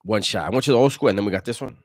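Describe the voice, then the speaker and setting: A man's voice: fairly low pitch, rapid-fire, background noise. A man hosting a casual live stream, reading viewer comments aloud in a laid-back, slangy way and chuckling often.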